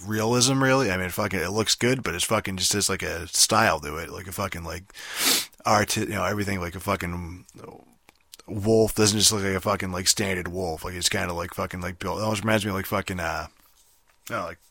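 Rambling, swearing low-voiced man. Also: steady tone, fairly quick, bright, forceful tone, dry recording, studio quality. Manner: constant swearing, rambling, many fillers. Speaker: podcast host. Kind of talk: casual profane game review monologue.

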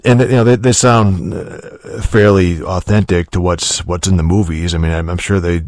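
A man talks through a casual game review in a deep, low voice, circling back on himself with constant fillers, restarts and swearing. The recording is dry and close, with no room sound around him. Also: fairly even intonation, moderate pace, a little mellow, no echo. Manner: rambling, profane, many restarts and fillers.

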